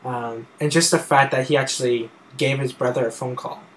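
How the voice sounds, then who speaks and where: Halting man in casual film talk. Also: medium pitch, steady tone, slight background noise, rough recording. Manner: halting, many fillers and restarts. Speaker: film discussion co-host.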